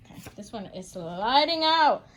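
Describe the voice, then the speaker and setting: Woman, casual tarot reader, slightly high voice, animated and teasing, affectionate pet names. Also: normal speed. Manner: animated, playful, calls viewers darling and baby; swings between bright bursts and low asides. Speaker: tarot reader and channel host. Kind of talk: casual tarot reading to camera.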